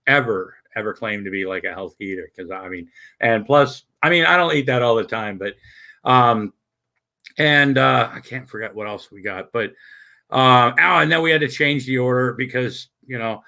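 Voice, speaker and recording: A man hosting a casual late-night livestream, rambling and swearing as he greets viewers by name, with lots of halting fillers. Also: medium pitch, vocal fry, sharp tone. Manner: halting, many fillers and restarts. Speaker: livestream host.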